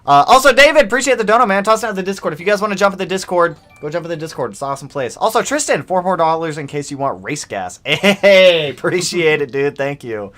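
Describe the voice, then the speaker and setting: A young man hosting a casual livestream about cars, animated as he reads donations and reacts to news. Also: fairly high pitch, fast talker, hardly any pauses, faint music behind. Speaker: livestream host.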